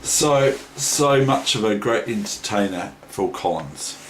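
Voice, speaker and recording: A man with a New Zealand accent rambles through a casual chess lesson, hesitant and unstructured. He speaks slowly in a lowish voice. The room is echoey with faint noise. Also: animated. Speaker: chess teacher.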